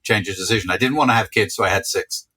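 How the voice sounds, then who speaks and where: A man co-hosting a podcast, asking questions and teasing the guest with quick quips. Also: fairly low pitch, bright, forceful tone, breathy edge. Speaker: podcast co-host. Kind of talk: casual podcast chat.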